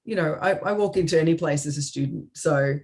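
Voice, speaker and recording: A woman's voice: low voice, fairly quick, a little mellow. A woman co-hosting a comedy chat over a video call, telling a story in an earnest, hesitant way with many ums. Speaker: comedy show co-host.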